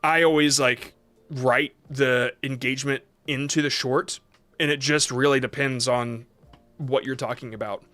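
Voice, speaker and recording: A man's voice: medium pitch, fairly even intonation, a little slow, fairly bright tone, soft background music. A man hosting a casual livestream, reading chat questions aloud and answering off the cuff with many fillers and restarts. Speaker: livestream host reviewing shorts.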